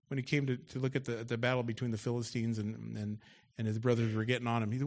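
A male pastor delivering a sermon to his congregation. He reads the scripture passages loudly and with force, then drops into a relaxed, talky explanation of what they mean, in a mid-range voice. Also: mid-range voice, quick pace. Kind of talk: expository sermon. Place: church.

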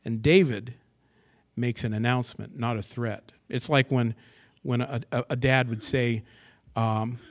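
A male pastor preaching a sermon, with a voice at a middle pitch. He reads scripture aloud and then comments on it. His delivery moves between soft, near-whispered asides and loud, rising bursts. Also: a little slow. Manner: expressive preaching, swings from hushed asides to excited bursts. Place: church assembly.

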